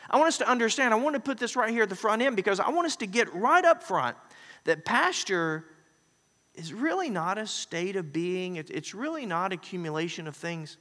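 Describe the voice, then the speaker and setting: Bright-voiced male pastor in a hall. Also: sits high, fairly quick. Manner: animated, acts out scenes and quotes. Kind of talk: sermon. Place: large hall with long reverb. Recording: reverberant church hall.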